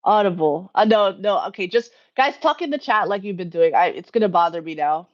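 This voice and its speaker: A woman at a middle pitch chats casually on a livestream from home, wandering off track and correcting herself. She laughs easily and talks straight to her viewers. The sound is a little dull and lo-fi. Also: lively intonation, a little fast. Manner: rambling, self-correcting, chatty with frequent laughs. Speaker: livestream host. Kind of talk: casual live Q&A chat.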